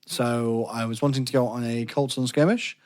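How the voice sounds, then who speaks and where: A man's voice: medium pitch, fairly even intonation, normal speed, a little mellow. A British man co-hosting a podcast, casually talking through his plans at a live-action role-play event. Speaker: podcast co-host. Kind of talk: casual chat about a larp event.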